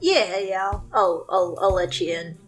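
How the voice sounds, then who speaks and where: Slow-talking hesitant woman player. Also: mid-range voice. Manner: hesitant, repeating words. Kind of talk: casual in-character chat. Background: loud background music.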